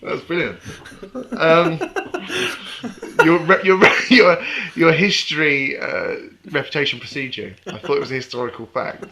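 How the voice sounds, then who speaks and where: A man's voice: a little high, moderate pace, gravelly, crowd noise. A man co-hosting a podcast in casual chat, jokey and rambling, laughing often. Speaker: podcast co-host.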